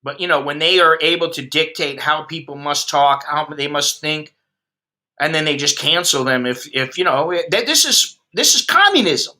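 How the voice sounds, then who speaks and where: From the United States and in his fifties, this expat vlogger speaks at normal speed with a fairly high pitch and a sharp tone. He rants bluntly and profanely as he chats with his livestream viewers.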